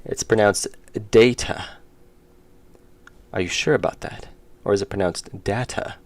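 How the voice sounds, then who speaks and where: A man's voice: on the low side, measured pace. A man streaming his indie game development, chatting casually and rambling with chat while he works. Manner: rambling, self-interrupting, chuckling.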